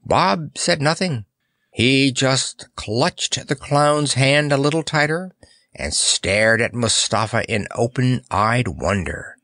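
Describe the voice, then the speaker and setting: A man reading a children's fantasy book aloud as narrator, in an expressive storytelling manner. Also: medium pitch, slow pace, no room sound, studio quality. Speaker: audiobook narrator. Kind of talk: scripted narration.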